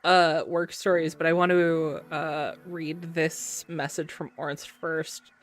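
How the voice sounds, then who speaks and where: A woman's voice: deep voice, little pitch movement, slow. A woman streamer chatting casually while gaming, telling stories and laughing often. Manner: giggly, chatty storyteller.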